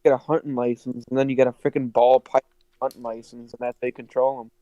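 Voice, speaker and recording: Smooth, dry-voiced teasing man. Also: medium pitch, flat delivery, quick pace, warm tone, no echo, highs cut off. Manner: teasing, jokey. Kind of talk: casual podcast chat.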